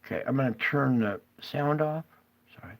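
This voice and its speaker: A man's voice: medium pitch, moderate pace, vocal fry, no room sound. A man rambling as he hosts a conspiracy video, breaking up his talk with questions to the viewer. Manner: rambling, keeps asking "okay?".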